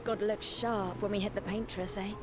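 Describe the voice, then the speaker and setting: A woman's voice: mid-range voice, fairly even intonation, a little fast, slight background noise, lightly acted. An actress playing a brash, teasing woman who styles the crew and likes a drink. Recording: game audio with music underneath.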